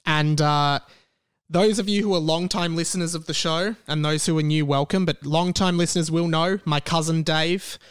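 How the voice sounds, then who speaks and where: A man's voice: a little high, fairly even intonation, normal speed, clean tone, no echo. A young Australian man hosting a casual solo podcast from his bedroom, rambling and correcting himself often. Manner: rambling and self-correcting, with many fillers. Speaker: podcast host. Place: bedroom in a share house.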